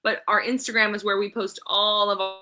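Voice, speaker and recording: A woman guest on a podcast talking in a casual, upbeat and eager way, rattling off her contact details quickly. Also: medium pitch, level tone, pushed and bright. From Southern California. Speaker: podcast guest, nonprofit founder. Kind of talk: casual interview chat.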